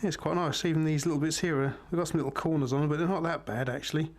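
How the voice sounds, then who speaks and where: A man's voice: fairly high pitch, steady tone, rapid-fire. A middle-aged man, chatting unhurriedly to viewers as he reviews a knife. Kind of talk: casual product review.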